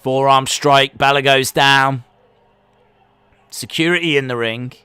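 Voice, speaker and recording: A man hosting a live wrestling watch-along stream. He calls the action with excitement, then answers chat questions in a relaxed, rambling way. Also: medium pitch, unhurried, clear, resonant tone, no room sound. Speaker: live-stream reaction host.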